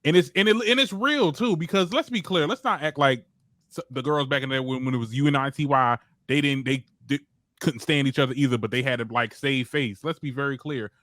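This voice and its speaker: A man co-hosting a casual podcast chat who talks quickly and emphatically, pushing his points with "let's be clear." His voice is close and dry, with no room sound. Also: medium pitch, fairly bright tone, dry recording. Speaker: co-host.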